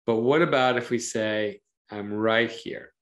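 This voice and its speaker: A man, a psychologist, explaining parenting ideas in a conversational interview, animated and thoughtful, often acting out voices in quotes. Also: mid-range voice, a little slow. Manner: thoughtful, uses metaphors to explain. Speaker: psychologist and author, interview guest.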